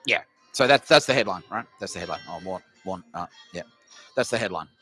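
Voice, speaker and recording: A man's voice: deep voice, animated, a little fast, pushed and bright, slightly rough, soft background music. An Australian man hosting a podcast, delivering a crude, rambling comedy rant full of swearing. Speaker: podcast host. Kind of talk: ranting comedy monologue.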